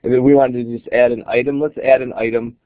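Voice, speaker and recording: A man of ordinary pitch talks through an app step by step in a relaxed, explanatory way. The audio is thin and phone-like, with a dry, close sound and no room around it. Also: quick pace, no echo. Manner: casual, explanatory, thinking aloud while demonstrating. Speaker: app reviewer. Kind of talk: screen-recorded software tutorial.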